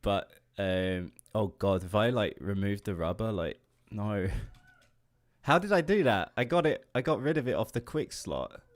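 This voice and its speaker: This indie game developer from England, a man in his late twenties, talks in a fairly low, lively voice at an unhurried pace. He's drawing on a livestream and chatting casually, wandering off topic, laughing often and swearing casually.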